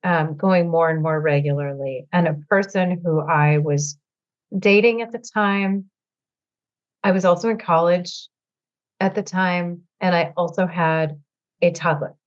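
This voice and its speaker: A woman with a somewhat low voice shares her recovery story in a candid, halting way, leaning on fillers as she searches for words. She sounds teary. The audio is dull and lo-fi. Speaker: guest sharing recovery story. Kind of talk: emotional personal storytelling.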